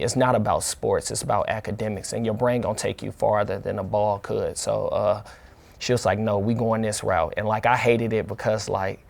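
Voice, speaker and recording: A young man from the St. Louis area, talking casually as an interview guest in a relaxed, colloquial way with many fillers and restarts. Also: fairly low pitch, vocal fry. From St. Louis area, USA. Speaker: interview guest, football player.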